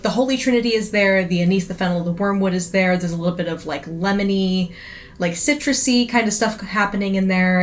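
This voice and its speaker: A woman giving a chatty, enthusiastic casual review, with many fillers. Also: fairly low pitch. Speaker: absinthe reviewer.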